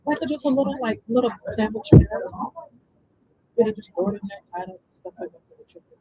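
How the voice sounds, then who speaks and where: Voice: medium pitch, quick pace, mellow, husky, low-quality recording. A speaker telling a long story in casual chat, rambling with many fillers.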